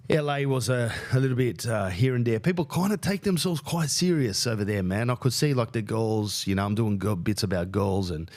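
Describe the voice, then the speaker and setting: A man with an Australian accent hosting a podcast, telling a rambling, crude, self-mocking story, his pitch jumping up when he gets worked up. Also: darkish tone. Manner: crude, self-mocking, lots of fillers and restarts. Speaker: podcast host and stand-up comedian. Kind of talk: casual rambling monologue.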